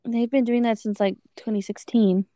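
A young woman co-hosting a casual chat, telling stories in a chatty, gossipy way with quick asides. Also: a little high, steady tone, warm tone, no echo.

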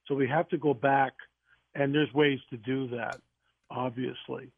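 A man, a guest author on a radio interview, telling stories in an animated way with quick restarts. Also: mid-range voice, gravelly, husky. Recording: tinny phone line.

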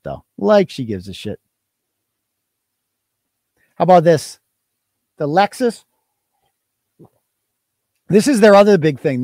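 A man's voice: a little high, a little mellow, no room sound, clean studio sound. A man hosting a live stream, talking in a casual, profane, mocking and rambling way. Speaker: host.

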